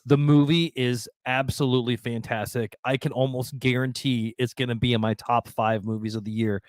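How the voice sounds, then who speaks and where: A man's voice: mid-range voice, steady tone, normal speed, no echo. A man co-hosting a casual online show, gushing about a movie in rambling bursts. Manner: enthusiastic, rambling movie praise. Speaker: podcast co-host. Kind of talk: casual chat.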